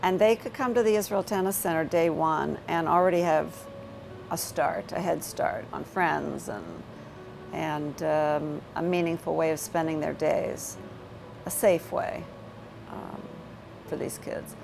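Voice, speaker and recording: A woman speaking earnestly in a documentary interview, halting often with fillers. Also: low voice, fairly even intonation, creaky, noisy background.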